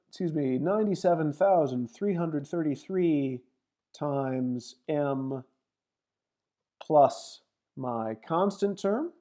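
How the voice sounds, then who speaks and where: A woman lecturer talks through a recorded walkthrough of a math problem, thinking aloud as she types. Her delivery is slow and deliberate. Her voice has a mellow, warm tone. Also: low-pitched. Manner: methodical, thinks aloud while typing and reading out numbers. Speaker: mathematics lecturer.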